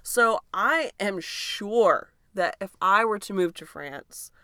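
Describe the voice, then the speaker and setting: A woman in her thirties from Michigan chats casually as a podcast co-host. Her voice is bright and crisp, her delivery chatty and emphatic, and the sound is close and dry. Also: medium pitch, lively intonation, no room sound. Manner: chatty, emphatic, quick to agree. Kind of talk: casual chat.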